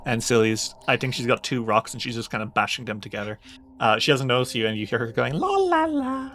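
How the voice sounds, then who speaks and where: A woman narrating as game master in a casual, animated, swearing way, wearing a headset. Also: extremely low pitch, quick pace, slight background noise. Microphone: headphones.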